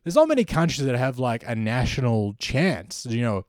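An Australian man delivering a sardonic, ranting comedy monologue as a podcast host. His voice sits at an ordinary middle pitch, and the recording is dry and close with no room echo. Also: sing-song, normal speed, a little mellow.

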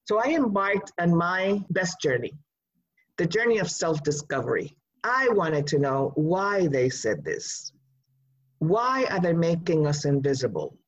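Animated woman telling her story. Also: measured pace, low-quality recording. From Puerto Rico. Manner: animated, emphatic, switching pitch for emphasis. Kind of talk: personal storytelling.

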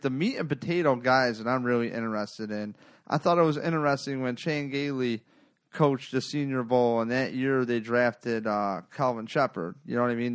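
A man hosting a sports podcast, talking in a rambling, profane, animated way. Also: mid-range voice, no room sound, studio quality. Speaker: podcast host. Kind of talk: casual sports podcast chat.

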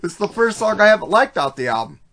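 A man's voice: high voice, sing-song, quick pace, fairly bright tone. A man co-hosting a casual album review podcast, blunt and profane, laughing often. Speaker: podcast co-host.

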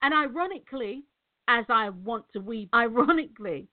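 A woman's voice: fairly high pitch, animated, normal speed. Emphatic woman on a tinny line. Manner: emphatic, repeats words, addresses viewers as guys. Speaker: motivational speaker. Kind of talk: direct-to-camera motivational talk. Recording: tinny phone-like audio.

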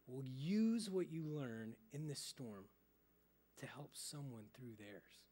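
A young adult male pastor preaching a sermon, telling stories and dropping to a soft, hushed voice for emphasis. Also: medium pitch. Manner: storytelling, with sudden drops to soft, hushed emphasis.

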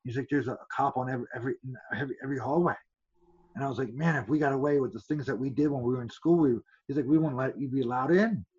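A man's voice: medium pitch, racing, darkish tone, husky, dull audio. A man, a former fighter, telling rambling stories as a podcast guest, stumbling and restarting often and acting out other people's lines. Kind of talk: casual storytelling.

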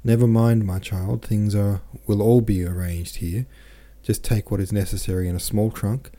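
A man's voice: lowish voice, fairly even intonation, mellow, natural voice. A man reading a stern dignified father. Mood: firm. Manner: formal, measured, firm.

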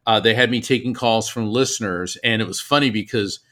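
A man, a medium, telling stories as a guest in an interview, animated and often repeating himself. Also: fairly low pitch, brisk. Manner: animated storyteller, repeats words, laughs often. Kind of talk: storytelling in an interview.

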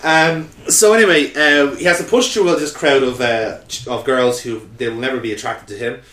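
A man co-hosting a casual recap podcast, chatty and quick to laugh, breaking into little character impressions. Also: mid-range voice, sharp tone, echoey room. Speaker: podcast co-host recapping a cartoon. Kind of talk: casual chat.

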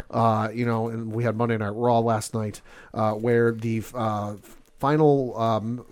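A man's voice: medium pitch, darkish tone. A man hosting a casual podcast, recapping news in an enthusiastic, rambling way with many fillers. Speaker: podcast host. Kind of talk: casual sports and gaming chat.

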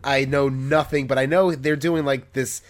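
A man co-hosting a wrestling podcast, pitching wild match ideas eagerly and breaking into loud laughter. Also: moderate pace. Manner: eager, laughs hard, lively back-and-forth. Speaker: podcast co-host. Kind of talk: crude comedic wrestling podcast banter.

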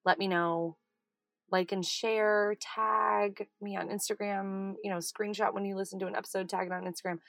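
A woman's voice: mid-range voice, flat delivery, moderate pace, gravelly, a bit bright, dry recording. A woman, chatting casually as a podcast host from her parked car, laughing at herself. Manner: chatty, self-deprecating, laughs easily. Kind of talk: casual chat. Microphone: handheld mic in a car.

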